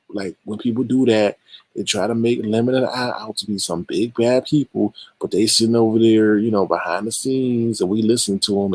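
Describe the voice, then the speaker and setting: A man's voice: lowish voice, darkish tone, no echo. A man hosting a live stream, giving casual and exasperated commentary on online drama straight to his viewers.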